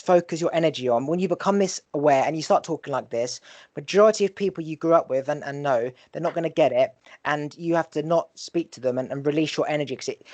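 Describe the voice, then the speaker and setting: A male podcast host talking in an animated way, giving life advice in casual conversation and swearing freely. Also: a little high, no echo.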